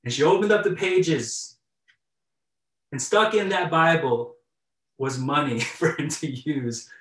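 Male pastor, slightly high voice, casual storytelling sermon, echoey room, set back from the mic. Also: slow pace, distant mic. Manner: conversational, warm storytelling with chuckles and repeated starts.

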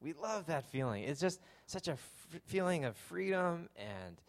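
Here a young adult male pastor, his voice a little high and very animated, takes his time delivering a chatty sermon. Self-deprecating humor and plenty of fillers run through his talk.

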